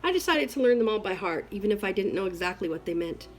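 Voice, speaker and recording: A woman reads a novel aloud, telling it expressively in the first person. Her pitch sits mid-range for a woman, and soft music plays quietly underneath. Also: lively intonation, quick pace, low-quality recording. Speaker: reader.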